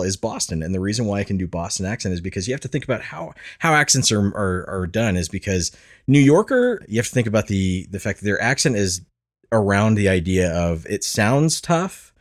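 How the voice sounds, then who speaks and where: A man hosting a casual podcast, laughing often, swearing freely and rambling through restarts. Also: medium pitch. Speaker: podcast host.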